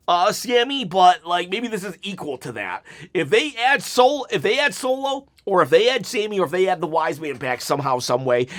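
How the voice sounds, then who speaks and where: A man with a fairly high voice rambles through a wrestling recap in a one-take vlog. He talks loosely and animatedly, piling on asides and stopping to act out what the wrestlers said. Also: fairly bright tone. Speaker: wrestling commentary youtuber.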